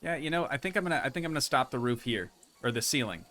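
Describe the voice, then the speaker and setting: A man's voice: mid-range voice, expressive, fast talker, a bit bright, soft background music. A young man casually commenting as he builds in a game, chatting to his viewers and thinking aloud. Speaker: streamer.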